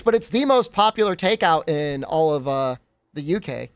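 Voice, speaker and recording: A man's voice: on the high side, expressive, normal speed, clean tone, dry recording. A young American man streaming and chatting casually, joking and reacting to questions from his chat.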